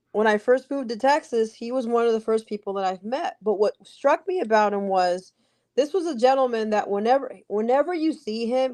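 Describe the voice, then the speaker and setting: A woman from New Jersey chats as a podcast guest, her voice sitting a little high. She tells stories freely and restarts her sentences often. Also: a little mellow. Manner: chatty storyteller with many restarts. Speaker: podcast guest, ring announcer. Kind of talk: casual interview chat.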